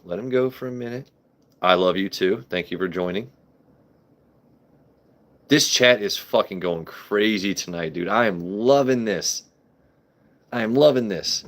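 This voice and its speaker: A young man hosting a casual phone live stream, joking, swearing and talking back to his viewers' comments. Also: fairly low pitch. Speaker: livestream host. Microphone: phone camera.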